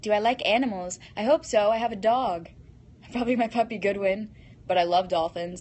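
A woman's voice: medium pitch, normal speed, a little mellow, slightly rough. Bubbly giggly teen girl chatting. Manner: bubbly and giggly, reads comments aloud. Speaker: live stream host answering fan questions. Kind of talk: casual live-stream chat. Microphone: phone.

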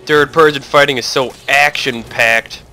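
A young man giving jokey let's-play commentary who talks to the characters on screen and bursts into sudden yells. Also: mid-range voice, steady tone, measured pace, faint music behind. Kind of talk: gameplay commentary.

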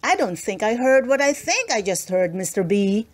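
A woman's voice: mid-range voice, very animated, moderate pace. A woman reading aloud and voicing a bossy, boastful spoiled little girl with a snippy, whiny manner.

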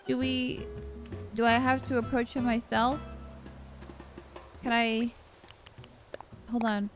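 A woman's voice: high-pitched, takes it slowly, pauses often. Gushing young woman narrating gameplay. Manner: excitable, gushing, chatty. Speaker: gaming vlogger. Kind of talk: gameplay commentary. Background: faint game music.

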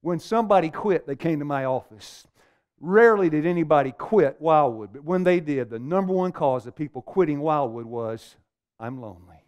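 A man's voice: fairly high pitch, animated, normal speed, darkish tone, clear, resonant tone. A middle-aged man preaching a seminar sermon to a live audience, firing questions at them and calling for amens. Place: meeting room with a live audience.

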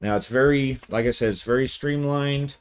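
A man, hosting his channel and giving a relaxed, rambling video review. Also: mid-range voice, moderate pace, clean tone. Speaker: channel host, game reviewer.

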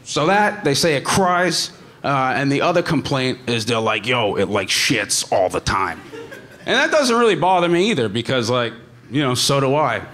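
Young man, deadpan stand-up, lively pitch. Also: moderate pace, slight background noise. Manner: deadpan delivery with many uh fillers and a lively pitch. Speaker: stand-up comedian. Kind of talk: stand-up comedy set.

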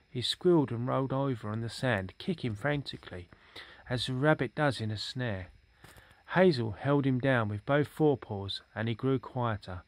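A man's voice: medium pitch, normal speed, no echo. A man reading a storybook aloud in a casual manner, with fillers and small slips. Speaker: reader.

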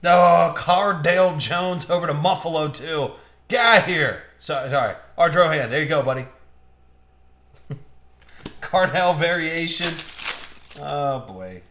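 During a live-streamed trading card box break, a man chats upbeat and jokes with viewers while opening packs. His slightly high, somewhat bright voice moves unhurriedly with lively intonation and long pauses, heard through a streaming mic in a roomy space.

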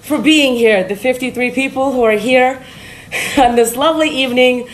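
High-voiced woman rambling on a treadmill. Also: normal speed, rough recording. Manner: rambling and blunt, with frequent laughs and swearing. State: walking on a treadmill while talking. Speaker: TikTok live streamer. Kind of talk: casual motivational live-stream talk. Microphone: phone live stream.

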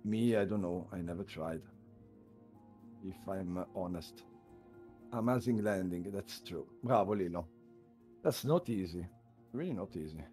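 A native Italian speaker with an Italian accent co-hosts a stream, commenting live on flight-sim landings and cheering in loose, broken English while music plays. His deep, warm voice has lively intonation and a measured pace with frequent pauses.

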